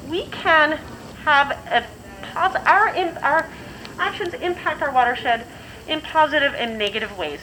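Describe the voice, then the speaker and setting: A woman's voice: fairly high pitch, pushed and bright, a little hiss or hum, rough recording. A woman educator guiding students through a map activity, asking questions and giving instructions. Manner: clear, guiding, asks questions. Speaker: station educator. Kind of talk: classroom lesson with students.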